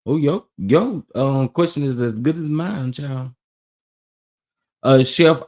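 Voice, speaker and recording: A man hosting a casual gossip chat, telling stories to his viewers with lots of laughing and exclaiming. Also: mid-range voice. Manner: animated storytelling, laughing and exclaiming. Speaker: host of a gossip chat show.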